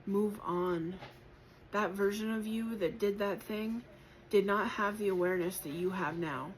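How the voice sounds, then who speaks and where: A woman giving a spiritual collective tarot reading, gentle and encouraging, reflective, with many pauses and fillers and moments of emotion. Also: mid-range voice, slight background noise, poor audio. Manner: emotional at times. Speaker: tarot reader.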